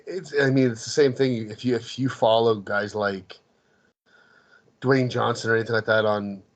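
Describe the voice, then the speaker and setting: A medium-pitched man with fairly even intonation and a moderate pace co-hosts a podcast. His casual talk about a comedy film is rambling and full of restarts, and he laughs while recounting.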